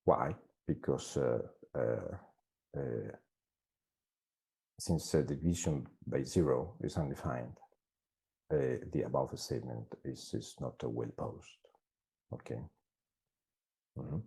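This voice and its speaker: A man's voice: a bass voice, takes it slowly, gravelly, long pauses, mellow. A man giving a classroom lecture in English, which is not his first language, talking hesitantly with many fillers and restarts.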